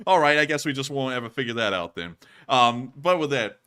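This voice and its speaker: A man chats to his viewers with a bright, forceful voice. His pitch swings widely as he jokes, thanks supporters and plays up gags. The talk is loose and casual. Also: lively intonation, unhurried, clear, resonant tone. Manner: joking, goes loud and high in bits. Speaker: livestream host. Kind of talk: casual livestream chat.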